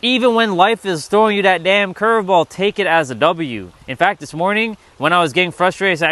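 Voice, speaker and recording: Bright-voiced man riffing on a livestream. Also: high voice, expressive, brisk, hardly any pauses, no room sound. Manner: blunt, swearing, playful, coins acronyms, chats with viewers. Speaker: livestream host. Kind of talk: casual motivational livestream talk. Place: outdoors among rocks.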